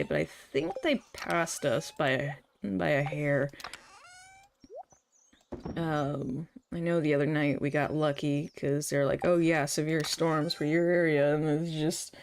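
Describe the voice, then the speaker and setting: A woman's voice: deep voice, a little slow, gravelly, darkish tone, slight background noise. A young woman streamer chatting casually while playing a farming game, laughing often and swearing freely. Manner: chatty, laughs often, swears casually, quotes comedy bits in put-on voices.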